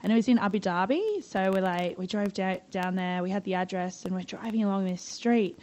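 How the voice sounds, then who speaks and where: A woman's voice: mid-range voice, brisk, a little mellow, low-quality recording. An Australian woman, a guest on a podcast, telling stories in a bubbly, chatty way and swearing freely. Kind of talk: casual storytelling.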